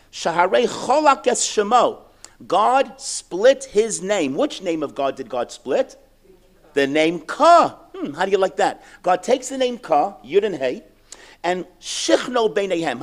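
Animated man teaching a Torah class. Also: high-pitched. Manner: animated, asks and answers his own questions.

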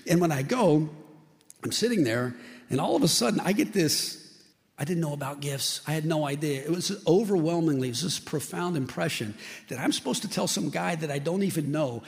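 A man's voice: fairly high pitch, fairly quick, creaky, in a large hall. A middle-aged male pastor preaching a sermon, telling stories and acting out the people in them. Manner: animated storyteller, acts out quoted voices.

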